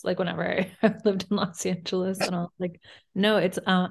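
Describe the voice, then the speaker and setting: A woman's voice: fairly low pitch, level tone, a little fast. A young woman from Virginia with a light Southern accent, co-hosting a casual podcast chat, laughing often and filling her talk with "like". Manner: chatty, laughs often, says "like" a lot. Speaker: podcast co-host.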